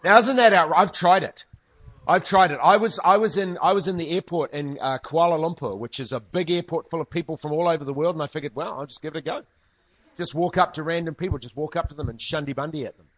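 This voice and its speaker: A man's voice: on the high side, fast, husky, muffled recording. A man preaching a sermon, telling stories with humorous asides. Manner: humorous storytelling, lively asides. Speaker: pastor.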